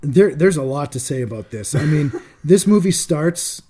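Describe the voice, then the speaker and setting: A man co-hosting a casual film review podcast, retelling scenes with animated energy and easy swearing. His voice sits a bit high for a man, with a dark, mellow tone. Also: normal speed, a little hiss or hum. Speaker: podcast co-host reviewing films.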